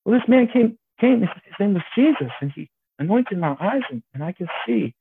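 A man doing a simple, earnest man who used to be blind, stubbornly sure of what he knows. His voice lifts higher than a preacher's usual tone. The sound is thin and phone-like, with faint hiss. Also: big pitch swings, brisk, gravelly, heavily acted. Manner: earnest, insistent, bewildered. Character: plain-spoken young man, formerly blind, earnest.

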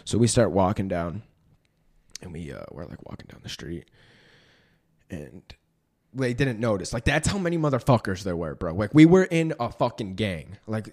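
A man's voice: lowish voice, sing-song, moderate pace, a little mellow. A man in his twenties tells a story in a loose, rambling podcast chat. His speech is profane and crammed with filler words. He is a guest talking to the host. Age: 20s. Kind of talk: casual storytelling.

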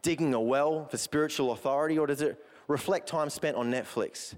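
A man's voice: fairly high pitch, a little fast. A man preaching a sermon as a pastor, impassioned and stumbling over repeated words as he builds his points. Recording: long hall reverb.

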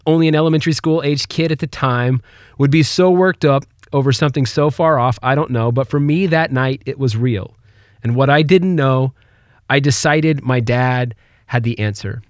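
A man's voice: medium pitch, dry recording, studio quality. Earnest man telling a devotional story. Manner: earnest, conversational, animated when retelling. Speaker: podcast host.

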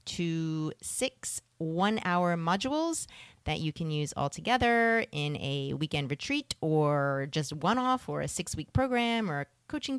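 A woman's voice: fairly low pitch, clean tone, dry recording. A woman co-hosting a podcast in casual chat, playful and joking, sometimes repeating words. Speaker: podcast co-host.

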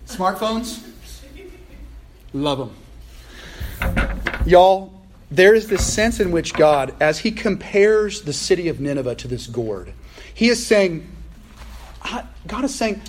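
A male pastor preaching a sermon in a conversational, animated way, with playful asides, at a church service. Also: on the high side, unhurried, pauses often, a little hiss or hum.

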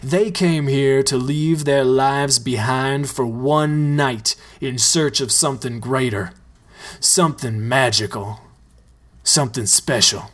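A man reading as a quiet, solemn male dancer. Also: medium pitch, takes it slowly. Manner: solemn speech-making.

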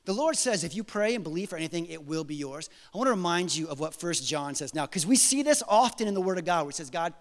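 Animated high-voiced pastor preaching in a hall. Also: male voice, quick pace, few pauses. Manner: animated, acts out prayers in different voices, joking asides. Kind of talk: sermon.

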